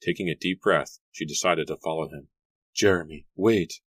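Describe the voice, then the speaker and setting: Very deep-voiced male audiobook narrator. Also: fairly even intonation, a bit bright, no room sound. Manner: measured storybook reading.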